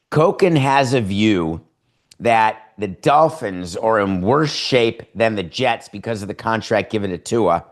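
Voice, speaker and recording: A man's voice: fairly low pitch, expressive, measured pace. A man hosting a sports podcast, giving sarcastic opinions full of rhetorical questions and acted-out imagined dialogues.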